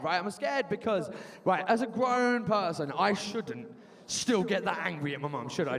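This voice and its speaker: Animated young male stand-up comedian. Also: high voice, normal speed. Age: 20s. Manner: animated, shouting punchlines, crowd work. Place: university bar venue, live audience. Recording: long reverb of a live venue.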